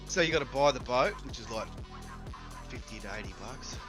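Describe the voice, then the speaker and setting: A man's voice: mid-range voice, a little fast, music in the background. A man with an Australian accent, chatting casually with friends on a gaming call and telling stories. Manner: laid-back, swears and jokes, animated storytelling. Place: voice chat while gaming.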